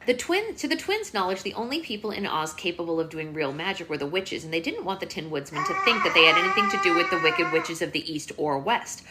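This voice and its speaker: A woman's voice: fairly low pitch, animated, quick pace, hardly any pauses, background noise. Woman, live read-aloud, casual, playful, phone mic. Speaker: host reading aloud.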